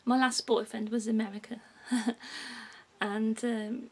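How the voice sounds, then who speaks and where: A woman's voice: a little high, flat delivery, takes it slowly, a little mellow, low-quality recording. A woman with a Brummie accent, chatting to camera in a vlog, rambling, giggling and losing her thread. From England. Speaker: vlogger. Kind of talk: casual chat to camera. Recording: clear music playing behind her.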